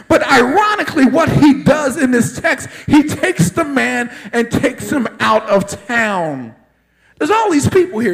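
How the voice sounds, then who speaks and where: High-pitched, gravelly man preaching fervently. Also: poor audio. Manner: fervent, builds to shouting exclamations. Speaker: pastor. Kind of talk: sermon.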